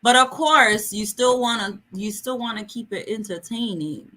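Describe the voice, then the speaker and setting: A woman's voice: fairly high pitch, normal speed, sharp tone. A woman hosting a book vlog, chatting casually and jokingly with viewers during a livestream. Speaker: book vlogger host. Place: home in a city.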